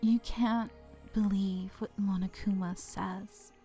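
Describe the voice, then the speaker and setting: A woman voicing a stoic young female soldier in a breathy put-on whisper, with faint music behind. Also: medium pitch, fairly even intonation, slow pace, mellow. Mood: pleading.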